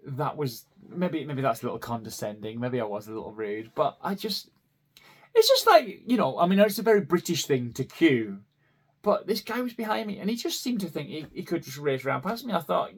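A man's voice: on the high side, very animated, fairly quick, breathy edge. A man, hosting a podcast and telling personal stories in a rambling way with self-deprecating asides. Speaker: podcast host. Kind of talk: casual personal storytelling.

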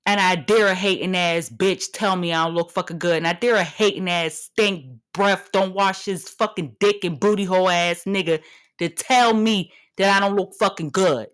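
A woman's voice: on the low side, fairly even intonation, moderate pace, clean tone. A woman in her thirties hosting a solo podcast, talking in a brash, profane, swaggering way. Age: 30s. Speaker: podcast host.

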